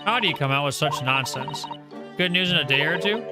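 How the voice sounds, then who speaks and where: A man's voice: on the high side, expressive, brisk. A man playing through a video game, reading its dialogue and narration aloud in a dry, matter-of-fact way. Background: loud game music.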